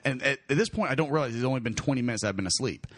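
A man's voice: mid-range voice, lively intonation, very fast, no echo. A man in casual chat, animatedly telling a story and acting out the voices of the people in it. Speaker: podcast host, comedian.

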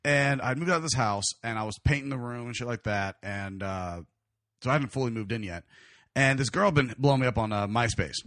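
A man's voice: mid-range voice, a little fast, fairly bright tone, no echo, studio quality. A man, hosting a podcast and telling a crude story with many laughs while putting on voices for the people in it. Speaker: podcast host. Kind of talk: casual storytelling chat.

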